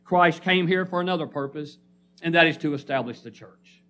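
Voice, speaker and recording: A man preaches to his church congregation, reading from scripture and calling out for responses in an emphatic call-and-response style. His voice is a little high and fairly bright, at a normal speed.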